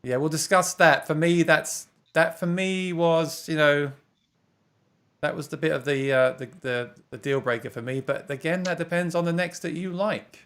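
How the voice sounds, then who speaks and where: A chatty English man hosting a livestream, running through viewer comments and laughing easily. His voice sits a little high for a man. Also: normal speed, a bit bright. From England. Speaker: host of a guitar livestream. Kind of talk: casual livestream chat.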